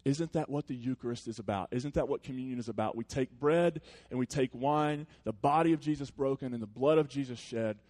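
A male pastor delivers a sermon in an earnest, conversational voice of middle pitch. He talks like he is chatting with friends, then settles into quieter, reflective stretches. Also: a little fast, hardly any pauses.

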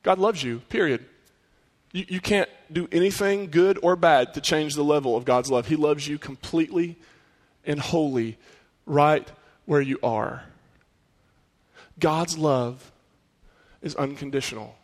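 A man's voice: fairly high pitch, unhurried. Earnest preaching man in a reverberant hall. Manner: earnest, conversational preaching with rhetorical questions. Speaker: pastor. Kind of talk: sermon.

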